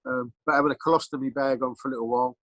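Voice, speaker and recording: A man's voice: medium pitch, fairly even intonation, very fast, a bit bright, no echo, rough recording. A middle-aged Englishman, telling rambling, blunt stories as a podcast guest, full of ums and restarts. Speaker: podcast guest, former bodyguard. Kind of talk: casual storytelling interview.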